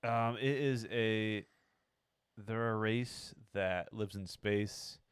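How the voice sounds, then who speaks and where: A man with a fairly low, clear, resonant voice speaks slowly in a dry, studio-quality recording. Co-hosting a casual podcast chat, he hesitates and uses lots of fillers while searching for words.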